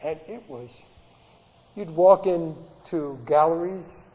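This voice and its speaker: A man's voice: on the high side, takes it slowly, a little mellow, big-room sound, low-quality recording. An older man giving a talk to an audience at a gallery, telling stories in a rambling way with many restarts and fillers and frequent laughs.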